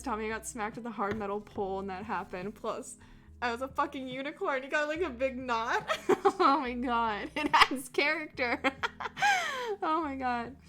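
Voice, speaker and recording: A young woman with a somewhat high voice rambles through a story in relaxed, filler-heavy chat, laughing often and swearing freely. Soft music plays faintly underneath. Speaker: streamer reading chat. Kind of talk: casual chat.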